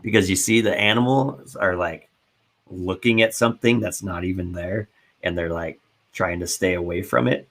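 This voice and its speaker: A man's voice: low-pitched, normal speed, fairly bright tone. A man co-hosting a podcast in casual chat, rambling and restarting his sentences. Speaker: podcast co-host.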